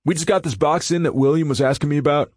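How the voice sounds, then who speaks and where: A man voicing a young male coworker who talks quickly and hesitantly, with fillers. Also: fairly high pitch, a little mellow, no echo, studio quality, voice pushed up, natural voice. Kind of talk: audiobook character voice.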